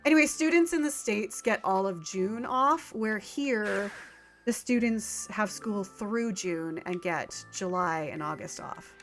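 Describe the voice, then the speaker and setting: A woman's voice: mid-range voice, expressive. A woman streaming a farming game, rambling in casual chat with lots of filler words. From Canada. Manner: rambling and chatty, with filler words and quick laughs. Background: faint game music.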